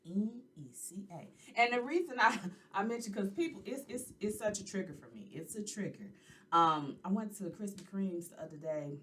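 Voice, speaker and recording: A woman in her forties hosts a casual podcast and talks straight to her listeners. Her pitch swings widely and her tone is bright. She sits a little back from the microphone. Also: distant mic. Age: 40s. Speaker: podcast host and life coach.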